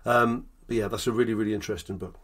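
A man's voice: fairly low pitch, fairly even intonation, fairly bright tone. A man co-hosting a podcast in casual chat, often stumbling and repeating words. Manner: quick talker who stumbles and repeats words. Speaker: podcast co-host.

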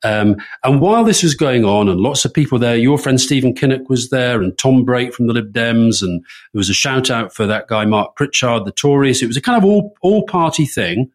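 A man co-hosting a political podcast, telling an amused, animated anecdote in casual chat. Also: medium pitch, normal speed. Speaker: podcast co-host.

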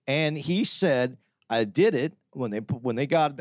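A man's voice: medium pitch, expressive, moderate pace, no echo. A man with a mid-range voice co-hosting a podcast, holding forth in long, opinionated turns. He circles back and restarts his sentences as he builds an argument. His voice sounds dry and close to the mic, with no room sound. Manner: opinionated, talks at length with restarts. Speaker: podcast co-host. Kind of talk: casual chat.

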